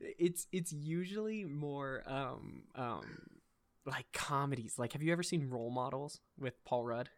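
A man's voice: medium pitch, expressive, measured pace. A young adult man hosting a podcast in casual chat, rambling and enthusiastic, swearing casually. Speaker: podcast host.

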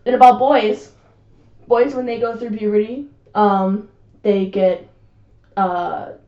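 A woman's voice: mid-range voice, fairly even intonation, slow, echoey room, muffled recording. A young woman co-hosting a casual podcast, chatty and joking with lots of fillers and laughter. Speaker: podcast co-host.

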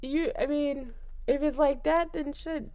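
A woman's voice: high voice, unhurried. A woman co-hosting a casual chat, recapping a story with blunt remarks and frequent laughter. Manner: animated, laughs often, blunt.

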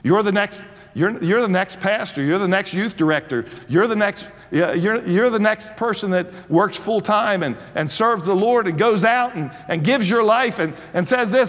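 Sixties male pastor, fervent preaching with restarts, a touch high-pitched, long reverb of a church hall. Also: normal speed, hardly any pauses, a bit bright. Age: 60s. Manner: preaching with rising fervor and frequent restarts. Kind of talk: sermon.

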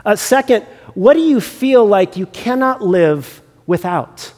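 A man's voice: high-pitched, animated, slow, darkish tone, long reverb tail. A man preaching a sermon as a pastor, talking conversationally and often restarting and repeating words.

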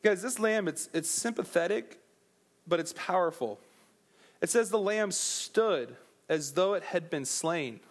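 High-voiced man preaching with animated energy. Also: unhurried. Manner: animated, jokey asides to the crowd. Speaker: pastor. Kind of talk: sermon.

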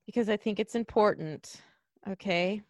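A woman's voice: mid-range voice, normal speed, darkish tone, no room sound. A woman chatting casually about a movie she disliked, blunt and sarcastic, often laughing at it. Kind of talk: casual movie review chat.

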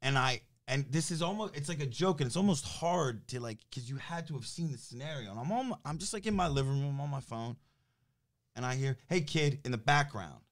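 In a casual chat, a New Jersey-accented business development director animatedly recounts a story, playing both ends of phone calls and growing heated. He speaks briskly and expressively at a medium pitch.

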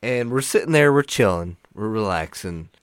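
A man's voice: fairly low pitch, normal speed, clear, resonant tone, dry recording, clean studio sound. A young man, co-hosting a podcast in casual chat, telling stories with lots of fillers and frequent laughs. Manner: animated storytelling, laughs often, many "like" fillers. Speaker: podcast co-host. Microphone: studio microphone.

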